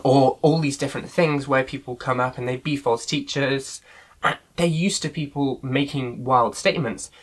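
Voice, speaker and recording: Man, mid-pitched, casual Bible study leader, earnest, lots of filler sounds. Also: fairly bright tone, low-quality recording. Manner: earnest, frequent filler sounds, loosely phrased.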